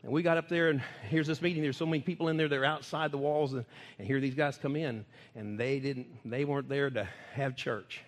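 A Texan preacher speaks a little fast in a mid-range voice, telling sermon stories with animated, laughing folksiness. The sound carries the echo of a hall.

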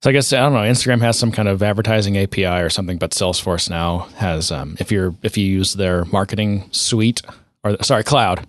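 Male podcast co-host, low voice, dry close sound, sardonic rambling tech chatter. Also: a little fast, no room sound. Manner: rambling, sardonic, many fillers and restarts. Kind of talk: casual tech chat.

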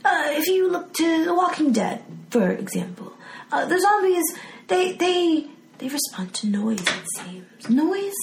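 A young adult woman chatting as a podcast guest, bubbly and giggly and quick to slip into silly voices. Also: very high-pitched, sing-song. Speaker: podcast guest, improv performer. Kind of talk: casual chat. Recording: roomy with background noise.

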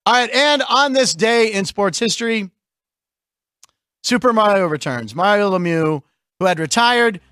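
High-voiced jokey male sports host. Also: animated, a little slow, sharp tone, clean tone, dry recording, studio quality. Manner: chatty, jokey, laughs often. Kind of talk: casual sports show banter.

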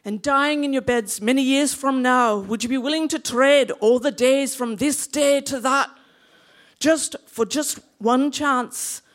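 A woman playing a Scottish warrior leader rallying his men, with a put-on Scottish accent and a raised, shouting voice. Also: high-pitched, measured pace, pitched above the performer's own voice. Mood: rousing.

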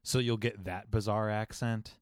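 A man with a fairly low voice co-hosting a casual podcast. He is relaxed and reflective, and he talks through his ideas at length. The recording is close and dry. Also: unhurried, no room sound. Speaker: podcast co-host. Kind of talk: casual chat.

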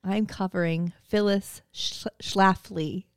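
A woman's voice: mid-range voice, fairly even intonation, slow pace. Giggly, profane woman podcaster. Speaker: podcast co-host. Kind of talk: casual chat and storytelling.

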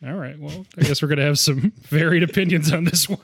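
Higher-voiced man hosting a podcast. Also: brisk, few pauses, no echo, clean studio sound. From Boston area. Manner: joking, laughs often, restarts. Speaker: podcast host. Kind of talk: casual podcast chat.

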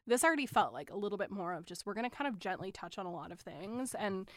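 Woman podcast co-host, mid pitch, candid and chatty, dry studio sound. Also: animated, quick pace, no room sound. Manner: frank, swears casually, laughs often. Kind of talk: casual TV recap chat.

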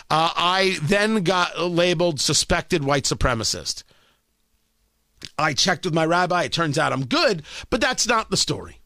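Speaking at normal speed into a studio microphone with no room sound, an Indianapolis radio host delivers a sarcastic, emphatic monologue. His high-pitched, expressive voice is bright and forceful, and he hammers his points home through repetition.

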